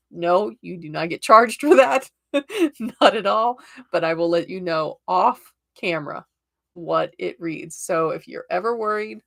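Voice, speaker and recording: Reading tarot on a live stream, a woman with a slightly low, a bit bright voice with vocal fry keeps things chatty and comforting. She regularly checks in with her audience and laughs easily as she goes.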